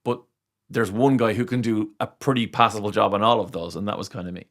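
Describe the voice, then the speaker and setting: Middle-aged Irish man, deep and gravelly, a chatty radio pro spinning stories. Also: brisk. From Ireland. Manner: animated storyteller, acts out quoted voices. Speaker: radio presenter, guest. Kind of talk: casual storytelling interview.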